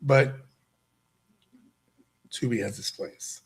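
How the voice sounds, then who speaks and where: A man's voice: mid-range voice, very slow. A man hosting a show and giving a motivational talk to a live audience. He is emphatic and repeats himself, often tossing "right?" back at the crowd. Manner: emphatic, repetitive, keeps asking "right?". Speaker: show host.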